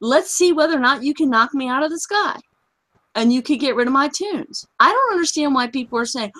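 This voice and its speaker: A woman hosting a gaming channel, ranting bluntly and emphatically with plenty of swearing in a casual, animated talk. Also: high voice, a little fast.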